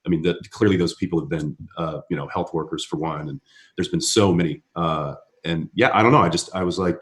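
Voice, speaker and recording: A man co-hosting a casual chat, speaking in a calm, upbeat way and sometimes halting. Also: low voice. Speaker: co-host. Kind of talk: casual video-call chat.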